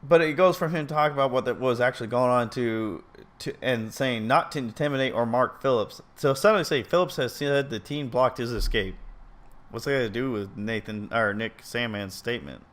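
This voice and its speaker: A video commentator with a mid-range, slightly bright voice speaks briskly as he reads an article aloud and comments on it casually. He's earnest and opinionated, rambling and frequently stumbling before correcting himself.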